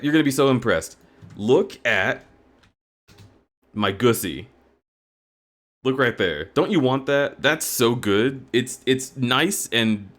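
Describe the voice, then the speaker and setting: A man's voice: mid-range voice, a bit bright. A man live-streaming a video game, chatting with his viewers in a goofy, teasing way. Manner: goofy, teasing, talks to chat. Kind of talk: casual live-stream chat while playing. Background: game music.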